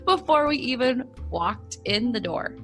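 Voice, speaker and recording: A woman's voice: fairly high pitch, expressive, measured pace, fairly bright tone, soft background music. A woman co-hosting a podcast, telling a story casually and rambling with lots of "like". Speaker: podcast co-host.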